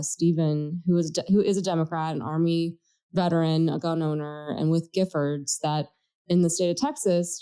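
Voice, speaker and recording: Woman co-host, low mellow voice, earnest and reflective in casual chat. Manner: earnest, reflective, thinks aloud. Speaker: podcast co-host.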